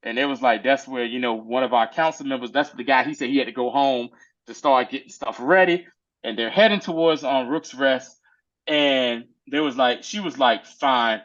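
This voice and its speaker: A man casually recapping a TV episode with a co-host, animated and slangy, acting out the characters' lines in quick little voices. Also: mid-range voice, lo-fi sound. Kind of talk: casual chat.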